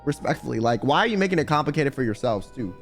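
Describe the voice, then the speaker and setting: A man's voice: mid-range voice, very animated, quick pace. A young American man streaming, arguing with his chat in a profane, combative way. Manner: profane, argumentative, answering chat. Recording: music playing behind.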